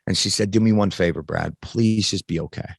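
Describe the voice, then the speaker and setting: A man's voice: deep voice, brisk, vocal fry, husky, no room sound. A man in his thirties, a podcast guest, telling a candid personal story in casual, frank talk that swears freely and often restarts its sentences.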